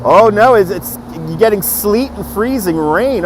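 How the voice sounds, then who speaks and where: A man's voice: sits high, lively intonation, unhurried. A man hosting a live walking stream outdoors on a city street, upbeat and chuckling as he greets viewers by name, recorded on a phone on a gimbal. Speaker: livestream host. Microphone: phone on a handheld gimbal. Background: faint city traffic.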